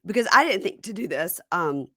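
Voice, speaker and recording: A woman hosting a casual podcast chat, quick to laugh and agree with her guest. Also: mid-range voice, big pitch swings, bright, forceful tone, dry recording, clean studio sound. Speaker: podcast host.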